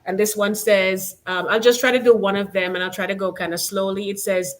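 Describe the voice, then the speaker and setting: A woman's voice: mid-range voice, flat delivery, fairly quick, hardly any pauses. A woman from Jamaica with a Jamaican accent, hosting a casual live stream and chatting loosely, with many "you know"s and "like"s. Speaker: channel host.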